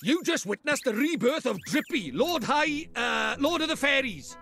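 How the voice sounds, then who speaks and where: A cheeky Welsh fairy lord. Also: male voice, very high-pitched, lively intonation, normal speed, gravelly, sharp tone, faint music behind, heavily acted. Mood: chatty. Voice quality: lilting, brash and talkative. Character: small male fairy lord, cheeky, boastful and chatty. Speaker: game character. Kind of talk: video game voice acting.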